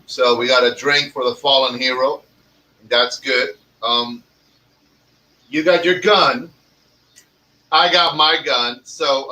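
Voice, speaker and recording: Brash, bright-voiced joking podcast host man. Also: mid-range voice. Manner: brash, profane, joking banter. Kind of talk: casual comedic chat. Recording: voice a bit distant from the mic.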